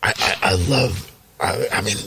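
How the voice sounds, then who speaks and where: A man's voice: fairly low pitch, unhurried, vocal fry, noisy background. A man from Norway with a slight American Southern accent, a podcast guest talking in a thoughtful, casual way. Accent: American Southern, from a Norwegian-born speaker. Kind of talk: casual conversation.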